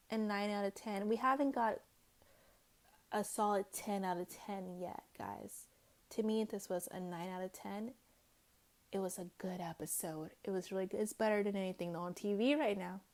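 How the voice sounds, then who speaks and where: A woman talks through a reality show episode in a loose, chatty way, dropping swear words and acting out the lines people said. Her pitch sits right in the middle for a woman. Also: moderate pace, darkish tone. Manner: chatty, swears freely, acts out quotes. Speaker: recap vlogger. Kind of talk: casual recap chat.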